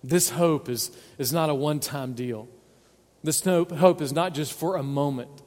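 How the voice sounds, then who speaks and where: A man's voice: on the high side, a little slow, darkish tone, in a large hall. A man preaching a sermon as pastor, earnest and pleading, stressing points by repeating words. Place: church sanctuary.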